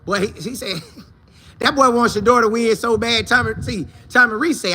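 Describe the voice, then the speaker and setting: A man hosting a casual sports talk show, animated and playful, acting out quoted coaches and players in different voices. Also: extremely high pitch, moderate pace, slight background noise.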